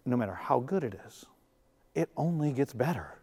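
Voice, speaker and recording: A man's voice: medium pitch, expressive, fairly quick, a little mellow, breathy edge. A male pastor giving a sermon in a conversational way, with jokes and acted-out quotes. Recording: long reverb of a large hall.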